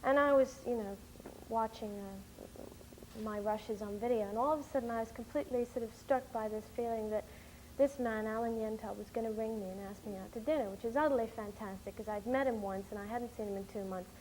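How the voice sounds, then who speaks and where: Young woman, lively rambling chat, bit high-pitched, faint hiss behind. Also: a little fast, hardly any pauses, low-quality recording. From United States. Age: young adult. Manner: animated, rambling storyteller with many fillers. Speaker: interviewee, documentary film-maker. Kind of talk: casual chat.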